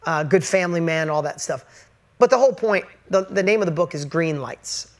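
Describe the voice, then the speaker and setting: A man's voice: fairly high pitch, lively intonation, normal speed. A man giving an earnest, conversational motivational talk straight to camera, pressing his points with emphasis. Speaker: motivational speaker.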